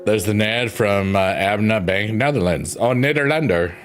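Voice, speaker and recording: Very deep-voiced man, rambling chat. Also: normal speed. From New York, US. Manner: meandering, playful, talks to chat. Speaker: streamer. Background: piano music.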